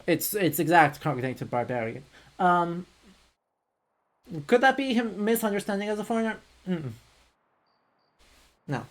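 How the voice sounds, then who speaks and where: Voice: mid-range voice, expressive, moderate pace, pauses often. A historian streamer giving casual live commentary over gameplay, chatty with many fillers and dry sarcastic asides.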